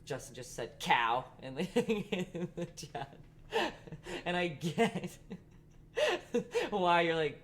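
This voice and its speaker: Chatty low-voiced woman teaching painting. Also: sing-song, slight background noise. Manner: chatty, rambling, talks fast. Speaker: art instructor and live-stream host. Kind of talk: casual live-stream painting lesson.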